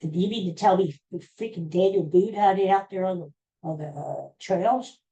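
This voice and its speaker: A woman's voice: lowish voice, normal speed, mellow, highs cut off. A woman hosting a podcast, chatting casually and rambling with exclamations. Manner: rambling, exclaiming, talks to herself. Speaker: podcast host. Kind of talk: casual chat.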